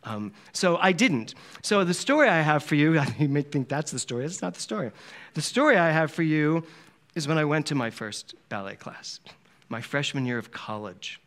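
A man's voice: a little high, big pitch swings, moderate pace, a bit bright. A man from Philadelphia giving a Sunday sermon in a chatty, storytelling way, often laughing. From Philadelphia, USA. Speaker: minister giving a Sunday talk. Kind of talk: conversational sermon. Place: church service hall.

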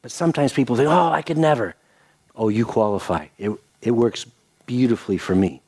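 An older male pastor with a husky, medium-pitched voice speaks fairly quickly as he preaches a sermon. He tells a story in an animated way, acting out the quotes, and then leads a soft prayer.

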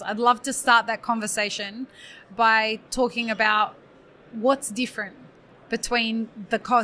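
A woman hosting a podcast live at an expo, friendly and quick to laugh. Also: a little high, bright, forceful tone, slight background noise. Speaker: podcast host. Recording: faint ambience at a live expo.

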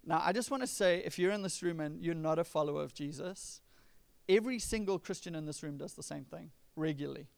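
Gravelly-voiced man preaching conversationally. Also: on the high side, brisk. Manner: conversational preaching, acts out quoted lines with rising emphasis. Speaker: pastor. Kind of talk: sermon.

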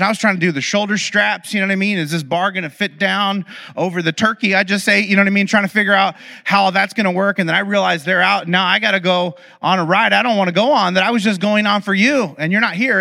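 A man speaks to an audience in a relaxed storytelling way, sliding into funny asides. His voice sits a little high and sounds bright and forward. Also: vocal fry. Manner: animated, acts out quoted dialogue; humorous, confiding asides. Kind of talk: conversational storytelling talk.

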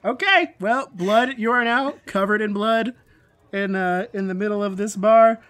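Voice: medium pitch, a little slow, fairly bright tone, no echo. Casual game master narrating. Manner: casual, laughing often, with filler words.

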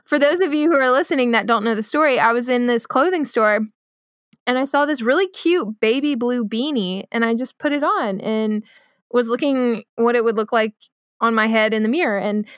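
A woman's voice: a little high, normal speed, clear, resonant tone, no room sound, clean studio sound. A woman in her twenties telling a story in casual podcast chat, acting out the voices of the people in it. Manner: animated, acts out voices in her stories.

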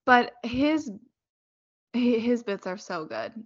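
A woman's voice: a little high, animated, slow pace. Emphatic woman, muffled podcast sound. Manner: emphatic, agreeable, thinking aloud. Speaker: podcast co-host. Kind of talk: casual chat. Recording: slightly muffled podcast audio.

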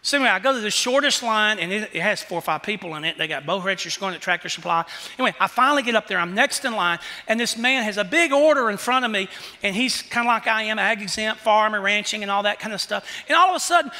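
A man's voice: sits high, expressive, fast, sharp tone, long reverb tail. A man preaching a sermon as pastor, telling stories in a conversational way.

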